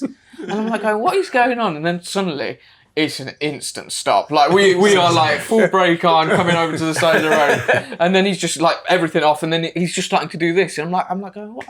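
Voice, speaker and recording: A man tells a travel story in an animated, laughing way, full of restarts. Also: fairly high pitch. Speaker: podcast guest, travel companion. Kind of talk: casual storytelling.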